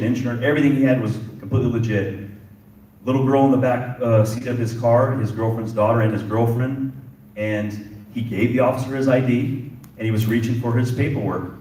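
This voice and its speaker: In an indoor event hall, a distant mic and echoey acoustics capture a middle-aged police chief's impassioned symposium speech, full of repetition for emphasis. He speaks at a medium pitch with a darkish tone, and there's slight background noise.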